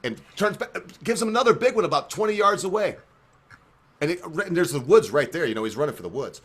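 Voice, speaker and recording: A man hosting a show, tipsy from drinking, telling crude jokes in a rambling, animated way. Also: a little high, brisk. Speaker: host. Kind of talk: drunken joke-telling.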